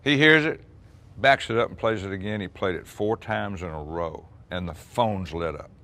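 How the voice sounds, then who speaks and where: A man in his sixties, a musician recounting an old recording session in relaxed, chatty storytelling. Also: low voice, normal speed. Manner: chatty, acts out quoted dialogue, frequent restarts and laughs.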